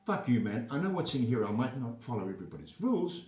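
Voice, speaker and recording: This older man from South Africa has a mid-range voice and talks quickly, casually storytelling about his own life with plenty of profanity and digressions. It's captured at a distance in an echoey space.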